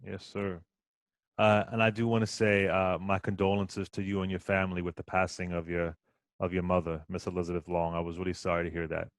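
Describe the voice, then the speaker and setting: A male talk-radio host with a slightly low voice stumbles over his words, clearly moved. He restarts sentences often. The recording is dry and close. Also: level tone, no echo. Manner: halting, emotional, stammers.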